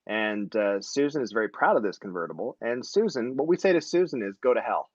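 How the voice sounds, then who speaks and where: A man's voice: mid-range voice, big pitch swings, fairly quick, no echo, dull audio. A man in his forties hosting a casual live-stream chat, rambling and joking, often correcting himself mid-sentence. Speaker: host.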